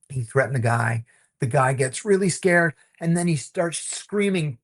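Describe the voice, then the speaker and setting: A middle-aged man, a former intelligence officer, telling stories in an interview with a lively, wry delivery. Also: on the high side, normal speed. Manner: lively, wry, acts out the people in his stories. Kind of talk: animated storytelling in an interview.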